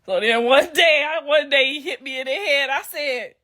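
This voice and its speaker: A woman's voice: high-pitched, normal speed, few pauses, pushed and bright. A middle-aged woman talking casually to viewers on a livestream, telling profane stories and laughing through her words. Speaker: livestream host.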